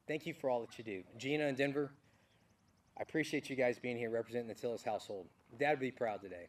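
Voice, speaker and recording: A man's voice: mid-range voice, far from the mic, slight background noise. A middle-aged man, a departing army general, giving a heartfelt farewell speech with folksy asides at an outdoor military ceremony.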